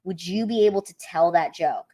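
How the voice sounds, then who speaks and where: A woman's voice: lowish voice, normal speed, warm tone. A young woman comedian chatting casually on a live stream, full of fillers and reading out viewer comments.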